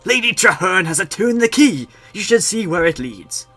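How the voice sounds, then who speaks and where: A man's voice: high voice, big pitch swings, moderate pace, sharp tone, faint music behind, voice pushed up, heavily acted. A man voicing an elderly elven noblewoman in a quavering old lady voice, reading game dialogue aloud. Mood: earnest.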